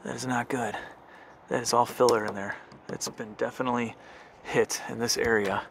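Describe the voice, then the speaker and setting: A man's voice: mid-range voice, steady tone, normal speed, gravelly, a bit bright, slight background noise. A man giving casual, chatty commentary as he walks around and inspects a car, thinking aloud as he goes. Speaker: car flipper vlogger.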